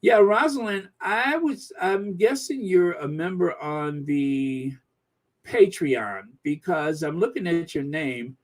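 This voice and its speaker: A man's voice: a little high, slow pace. A man hosting a live stream, chatting casually and rambling through viewer comments with many fillers. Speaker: channel host reading viewer comments.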